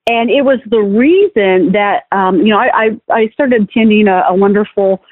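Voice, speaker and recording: A woman's voice: medium pitch, normal speed. A candid woman minister talking casually in an interview, often starting over mid-sentence. Her voice comes through a narrow, tinny, phone-like line. The sound is dry, with no room echo. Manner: candid, frequent restarts. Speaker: guest minister.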